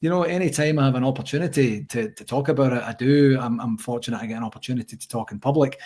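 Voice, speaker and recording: A middle-aged man with a Scottish accent talks through his stories in a lively, chatty way. His voice is slightly husky, pitched at an ordinary middle height. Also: fast talker. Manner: chatty storyteller, animated anecdotes. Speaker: interview guest, supporters' association president. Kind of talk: casual conversational interview.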